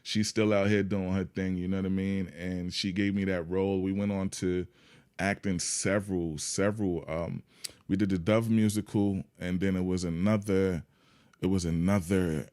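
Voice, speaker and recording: A man who is a guest on a podcast, talking in a calm, laid-back way that is full of "man" and "you know what I mean". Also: deep voice. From Yonkers, New York. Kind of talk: casual interview chat.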